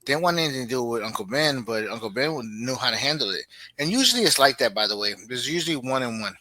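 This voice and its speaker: Talking fast in a mid-range voice, a middle-aged podcast co-host tells lively stories in casual conversation, voicing his kids' lines as he goes. There's a little hiss or hum in the recording.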